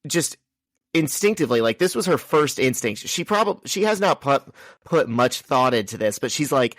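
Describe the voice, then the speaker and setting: A man's voice: mid-range voice, expressive, normal speed, fairly bright tone, no room sound. A man co-hosting a casual comic-book podcast, arguing his view of the characters. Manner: argues his point, defending characters. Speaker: podcast co-host.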